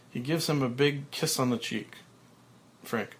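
A podcaster reading a screenplay's stage directions aloud in a slow, flat manner. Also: male voice, medium pitch.

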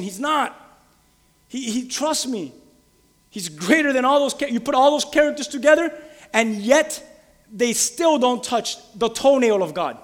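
Impassioned high-voiced male preacher. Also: in a large hall. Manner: impassioned, building to loud emphatic peaks; addresses the congregation with direct questions. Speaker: pastor. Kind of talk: sermon.

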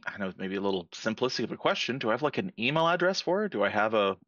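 A young man playing a tabletop role-play game, hesitant and clearing his throat. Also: fairly low pitch, sing-song, very fast, fairly bright tone, no room sound. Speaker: player. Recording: dull lo-fi dry mic.

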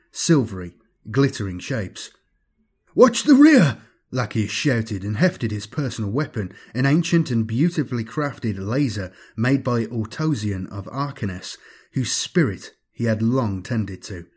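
Male audiobook narrator, husky timbre, measured and steady scripted read. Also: medium pitch.

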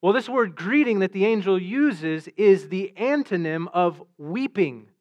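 A man's voice: sits high, lively intonation, measured pace. A man preaching a sermon as pastor, earnest, often repeating words as he restarts. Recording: dull lo-fi sound.

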